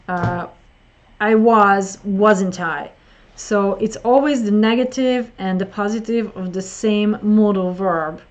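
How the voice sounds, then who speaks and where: Slow woman teaching English. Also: mid-range voice, a little mellow, highs cut off. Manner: slow, explaining, repeats words for emphasis. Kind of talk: online listening lesson.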